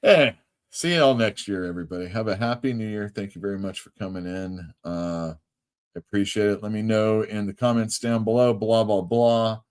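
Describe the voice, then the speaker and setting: A man hosts a casual live comics show in a fairly low voice. He rambles through his thoughts and lets his sentences trail off softly. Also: moderate pace, smooth. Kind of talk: casual livestream chat.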